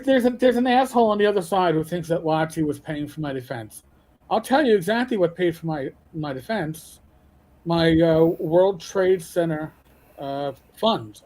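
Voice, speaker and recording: A man's voice: on the high side, dark tone. An older retired man, hosting a casual livestream chat and telling stories bluntly. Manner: blunt, storytelling with profanity. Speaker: show host.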